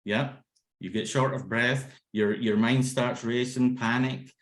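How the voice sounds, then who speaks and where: A man's voice: medium pitch, steady tone, unhurried. A man teaching laughter yoga over a video call. He talks energetically, breaks into ho-ho-ha-ha-ha chants and laughter, and keeps checking in with "okay?" and "yeah?". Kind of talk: instructional talk with demonstrations. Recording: roomy echo on a video call.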